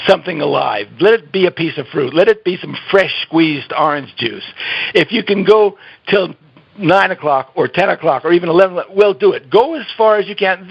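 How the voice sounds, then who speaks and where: A man's voice: a little high, gravelly, breathy edge. A man being interviewed about health habits, talking earnestly and emphatically, laughing often and restarting his sentences. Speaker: guest giving health advice. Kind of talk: conversational interview. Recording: dull lo-fi audio.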